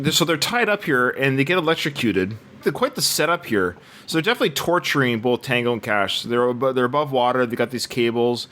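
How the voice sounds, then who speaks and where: A man's voice: medium pitch, lively intonation, brisk, pushed and bright. A man hosting a film podcast, chatting in an enthusiastic way about the movie. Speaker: podcast host. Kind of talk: casual film-review chat.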